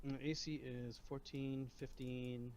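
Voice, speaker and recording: A man's voice: mid-range voice, little pitch movement, crowd noise. A man playing in a tabletop game, joking and asking rules questions. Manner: slow, gravelly, joking. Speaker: player. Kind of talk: casual tabletop play.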